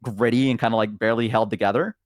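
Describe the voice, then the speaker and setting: A man's voice: on the low side, fairly even intonation, fast talker, dry recording. Guy rambling a story on a stream call, lots of ums, dry close sound. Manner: rambling storyteller with many fillers, acts out voices. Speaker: guest on a stream. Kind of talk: casual chat, retelling a roleplay character.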